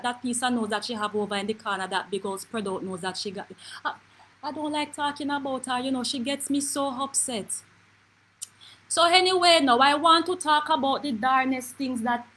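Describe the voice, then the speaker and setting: A woman with a Jamaican accent playing a brash, gossipy auntie, telling stories in a lively comic monologue with quick asides. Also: sits high, a little hiss or hum, poor audio. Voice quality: animated patois storytelling, quick asides. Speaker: comedy character host. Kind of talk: live comedic monologue.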